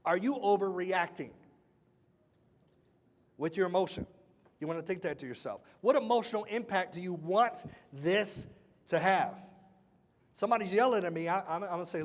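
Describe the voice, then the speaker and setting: A man with a fairly high voice runs a lively workplace training session. He talks straight to the room, tossing out questions and asking people to repeat key words back to him. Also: normal speed, long pauses. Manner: quizzes the audience with call-and-response questions. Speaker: workshop speaker. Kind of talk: motivational workshop talk.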